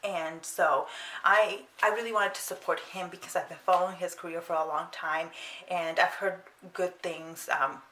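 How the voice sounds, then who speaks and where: Young female book vlogger, casual and chatty, slightly low voice, some faint background hiss. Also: steady tone, normal speed, sharp tone. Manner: chatty, with frequent ums and restarts. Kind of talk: casual chat. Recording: roomy sound with faint noise.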